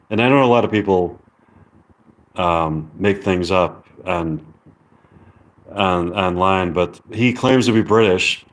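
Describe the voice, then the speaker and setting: A man on a casual live stream, reading viewer comments aloud in a halting way. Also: on the low side.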